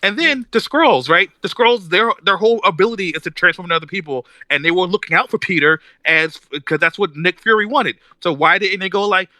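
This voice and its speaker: A man co-hosting a podcast in casual chat, ranting with animated energy and mimicking characters as he tells a story. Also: high voice, brisk, hardly any pauses, dry recording. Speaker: podcast co-host.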